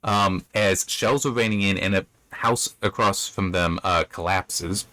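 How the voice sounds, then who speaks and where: Guy w a lowish voice talking thru a book chapter, lots of ums and restarts, dry close sound. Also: measured pace, sharp tone, dry recording. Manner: loose retelling with frequent fillers and self-corrections. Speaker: book review host. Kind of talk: casual chapter recap and commentary.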